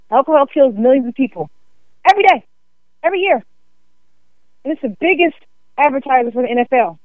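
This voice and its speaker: A woman's voice: sits high, no room sound, narrow, tinny audio. A woman delivering an angry opinion rant, profane and emphatic, firing repeated questions at the listener. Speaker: commentator.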